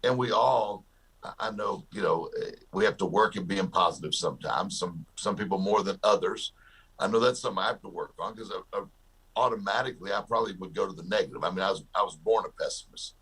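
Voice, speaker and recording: This man's voice sits low and is fairly bright and husky, and he talks fast. He's a guest author and success coach in an interview, laughing as he tells jokey stories.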